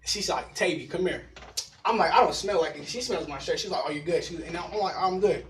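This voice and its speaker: Picked up from a distance in a roomy space, this young Denver-area panelist in his teens tells animated stories in slangy talk, laughing often. His pitch runs a little high and his pace fairly quick.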